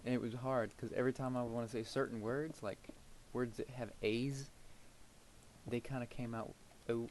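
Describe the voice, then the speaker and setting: A young man casually commentating his own gameplay, rambling and thinking aloud, often trailing off into quiet murmurs as he builds. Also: medium pitch, steady tone, moderate pace, a little hiss or hum, low-quality recording. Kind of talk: casual let's-play commentary.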